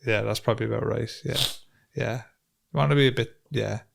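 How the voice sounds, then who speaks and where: A man's voice: fairly low pitch, fairly even intonation, brisk, gravelly, noisy background. An Irish man co-hosting a podcast in laid-back casual chat, laughing easily and reading out listener questions. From Ireland. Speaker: podcast co-host.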